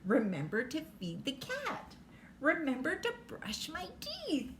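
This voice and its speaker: A grandmotherly reader puts on a forgetful little boy from a storybook, raising her voice into a lighter, lively register that swoops up and down. He answers slowly and sheepishly, with a soft hum of the room behind. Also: sits high, echoey room, pitched above the performer's own voice, full character voice.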